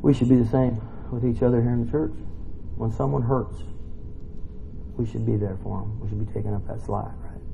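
A man's voice: medium pitch, flat delivery, brisk, vocal fry, pauses often, warm tone, lo-fi sound, a little hiss or hum. A man giving a casual, jokey sermon in a church, rambling into asides between scripture readings. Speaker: preacher.

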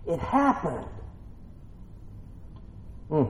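Excitable preacher in an echoey hall. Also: male voice, medium pitch, normal speed, long pauses, muffled recording. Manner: swings from quiet reading to shouted excitement; calls out to the congregation with questions. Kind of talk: sermon.

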